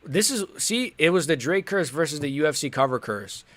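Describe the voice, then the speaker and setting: A man's voice: a little high, animated, brisk, fairly bright tone, dry recording. A young man hosting a live stream, reacting in casual, rambling talk, frustrated and swearing. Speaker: livestream host.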